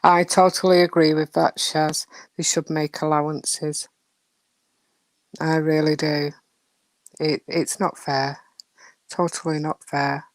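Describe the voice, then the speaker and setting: Woman, slow unhurried talk, lowish voice, teasing live chat, dry close sound. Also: flat delivery, no room sound. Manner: teasing, chatty. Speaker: livestream host chatting with viewers. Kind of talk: casual chat with live viewers.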